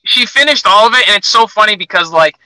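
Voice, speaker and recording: A man's voice: high voice, expressive, quick pace, bright, forceful tone, no room sound, poor audio. A young man chatting casually as an interview guest, telling stories with lots of "like". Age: young adult. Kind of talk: casual chat.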